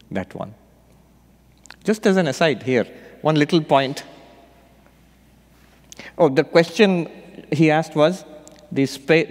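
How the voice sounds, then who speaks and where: A man, a monk and spiritual teacher, giving an unhurried meditation retreat talk with gentle storytelling and light humor. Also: mid-range voice. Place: retreat hall. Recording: long hall reverb.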